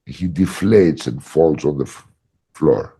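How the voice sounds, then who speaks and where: A man facilitating ayahuasca workshops, telling a story in a casual podcast chat, animated and emphatic with lots of "like" fillers. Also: extremely low pitch, slow pace, slightly rough.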